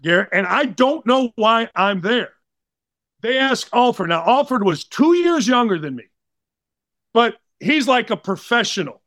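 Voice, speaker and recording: A man in his sixties telling blunt, animated sports stories as a podcast guest. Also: high-pitched, dry recording, clean studio sound. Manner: blunt, animated, slangy anecdotes. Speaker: guest, former college basketball player. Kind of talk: casual storytelling.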